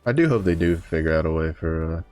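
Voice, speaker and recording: A man's voice: deep voice, animated, quick pace, a little mellow, faint music behind. A man streaming a game, chatting casually and rambling with many fillers and self-corrections, sounding a bit tired. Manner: yawning, tired. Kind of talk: casual live-stream commentary.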